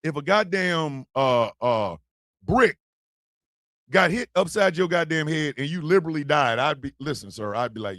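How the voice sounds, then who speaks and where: A man hosting a comedic live stream, joking loudly and swinging between shouts and mutters. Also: fairly high pitch, lively intonation, normal speed, no echo. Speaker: livestream host.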